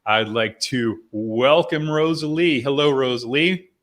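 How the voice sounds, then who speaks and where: A man's voice: medium pitch, a little slow, a bit bright. A middle-aged man from New Jersey hosting a live online members' chat, rambling and chatty with lots of fillers and laughs. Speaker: host.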